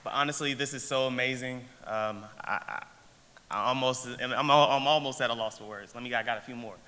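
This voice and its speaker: Bright young man, choked up at the podium. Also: medium pitch. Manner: halting, with many restarts and fillers. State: choked up with emotion. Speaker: award recipient. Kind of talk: emotional acceptance speech. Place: large event hall. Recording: long hall reverb, faint noise.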